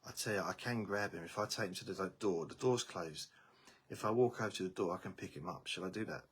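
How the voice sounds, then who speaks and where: A man chatting casually on a live stream from home, talking slowly and meandering, his voice tiring. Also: sits low, husky.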